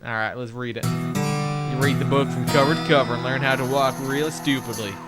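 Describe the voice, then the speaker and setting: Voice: mid-range voice, fairly even intonation, moderate pace, loud music behind the voice. A let's play host giving casual gameplay commentary, reading game text aloud with joking asides, chatting to viewers, swearing and laughing now and then.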